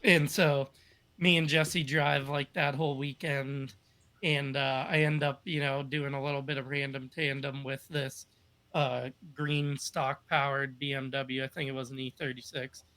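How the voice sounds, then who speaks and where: A man's voice: medium pitch, flat delivery, unhurried, pushed and bright. A man telling stories on a podcast in a casual, upbeat, rambling way with lots of fillers. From United States. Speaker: podcast guest. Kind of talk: casual storytelling.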